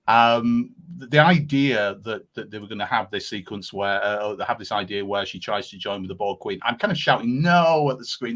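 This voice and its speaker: A man's voice: fairly low pitch, fairly bright tone. A man appearing as a guest on a podcast, chatting enthusiastically and rambling with frequent restarts. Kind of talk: casual podcast chat.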